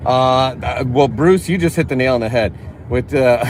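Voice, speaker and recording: A man's voice: mid-range voice, a little slow, a little mellow, rough recording. Chatty man livestreaming from a car. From northern Illinois. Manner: chatty, reads and answers chat. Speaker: livestream host. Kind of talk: casual livestream chat while driving. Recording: car road noise behind.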